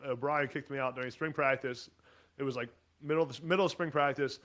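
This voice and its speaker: A man in his twenties, a podcast guest telling animated, chatty stories about his football days. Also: mid-range voice, fast. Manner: animated, chatty, lots of fillers and laughs. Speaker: podcast guest, former college football player. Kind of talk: casual storytelling chat.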